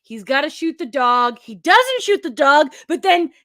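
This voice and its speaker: A chatty woman with a high, light voice, recapping a TV episode with a lot of enthusiasm and frequent laughs. Her voice sounds close and dry, with little room sound. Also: sing-song, unhurried, a bit bright, no echo. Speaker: podcast co-host. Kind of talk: casual chat recapping a TV episode. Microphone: remote call mic.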